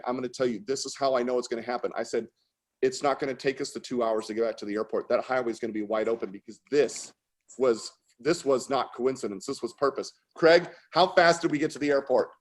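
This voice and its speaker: A man telling a story with mounting excitement, his voice jumping up into shouts and laughs. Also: mid-range voice. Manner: animated, fast-building, breaks into shouts and laughter. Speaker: artist guest. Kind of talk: excited storytelling on a video call.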